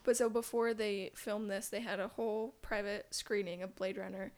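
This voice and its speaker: A woman's voice: medium pitch, little pitch movement, normal speed, a little mellow. A young adult woman co-hosting a podcast, chatting casually and sharing trivia with plenty of fillers. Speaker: podcast co-host. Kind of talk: casual chat.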